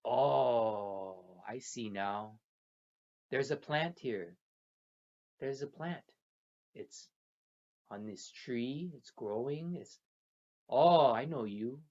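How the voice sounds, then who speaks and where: A storyteller voicing a curious young village girl who exclaims in a high, bright, loud voice. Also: drawn-out words, long pauses. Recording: dull lo-fi recording.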